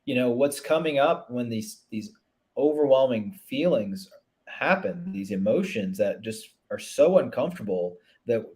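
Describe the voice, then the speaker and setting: This man, a relationship coach in a casual interview, sounds earnest and reflective and often restarts while saying "you know." His voice is medium in pitch, expressive, slightly mellow, and measured in pace.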